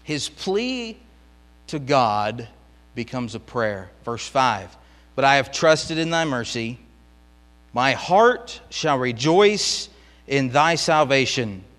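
A man teaching a Bible lesson in Sunday school, reading verses aloud and swelling into loud, impassioned pleading. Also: medium pitch, animated, slow, big-room sound.

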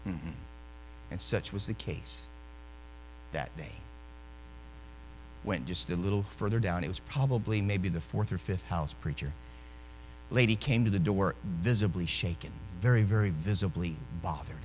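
A male preacher delivering a sermon, telling a story animatedly and swinging from loud to hushed. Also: low-pitched, a little slow, big-room sound, a little hiss or hum.

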